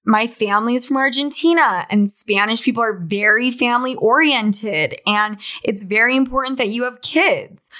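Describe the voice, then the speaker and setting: A candid young woman in her twenties talks through a casual podcast monologue, filling her sentences with "like" and the odd swear word. Her voice sits a little on the high side. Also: bright, forceful tone. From Salt Lake City, Utah, USA. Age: 20s. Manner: candid, chatty, swears freely, says "like" often. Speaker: podcast host.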